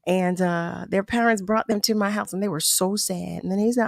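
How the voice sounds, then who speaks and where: A woman hosting a radio talk show, chatting and telling stories with animated, playful quotes. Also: medium pitch, moderate pace, gravelly, hardly any pauses, no room sound, studio quality. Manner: animated, warm storytelling with laughs and acted-out quotes. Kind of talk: casual radio interview.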